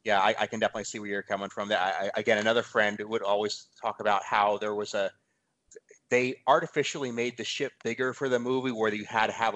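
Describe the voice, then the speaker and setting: A man's voice: on the low side, fairly bright tone. A man hosting a podcast, chatting in a thoughtful way, hesitating and restarting his sentences often. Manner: thoughtful, hesitant, with frequent restarts and agreeing murmurs. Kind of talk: casual chat.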